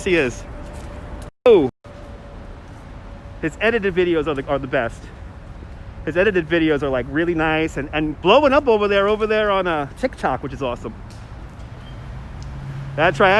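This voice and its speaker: Tour guide guy on a phone stream outside, fairly high voice, chatty with viewers, cars and street noise behind. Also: poor audio. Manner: chatty, greets viewers by name. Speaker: tour guide and livestream host. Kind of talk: live walking-tour stream with chat. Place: outdoors on a city bridge and promenade. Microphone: phone on a gimbal. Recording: loud urban traffic noise.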